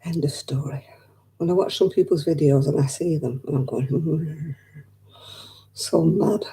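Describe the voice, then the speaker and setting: Woman host, rambling livestream chat with viewers, easy laugh, deep mellow timbre. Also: steady tone, measured pace, vocal fry. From northwest England. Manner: chatty, rambling, laughs easily. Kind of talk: casual chat with live viewers.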